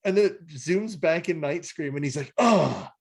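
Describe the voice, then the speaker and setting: A man co-hosting a casual podcast, animated and laughing as he acts out scenes, swearing freely. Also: fairly high pitch, normal speed. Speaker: podcast co-host. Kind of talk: casual podcast chat reviewing a cartoon episode.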